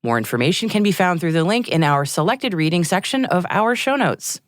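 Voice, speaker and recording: A woman co-hosting a space news podcast, reading scripted news items with a lively, clear delivery. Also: on the low side, fairly quick, dry recording, clean studio sound. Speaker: podcast co-host.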